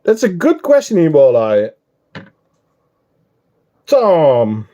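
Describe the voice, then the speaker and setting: Slow-talking Dutch man with a mellow voice. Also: a little high, highs cut off. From Netherlands. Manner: relaxed, chatting with viewers while showing his ants, frequent ums. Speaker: ant keeper streamer. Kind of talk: casual live-stream chat.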